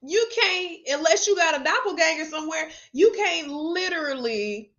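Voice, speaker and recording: A woman's voice: extremely high pitch, expressive, moderate pace, fairly bright tone. Blunt, profane woman on a lo-fi livestream. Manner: blunt, profane, laughs often. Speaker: motivational speaker. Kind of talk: live-stream motivational talk. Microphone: webcam or phone camera.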